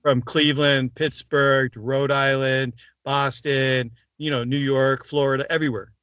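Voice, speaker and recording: Male interview guest, mid-pitched, storyteller who acts out quoted voices; dry, dull lo-fi recording. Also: level tone, moderate pace, fairly bright tone, clear, resonant tone, no echo. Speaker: interview guest, former mobster turned informant.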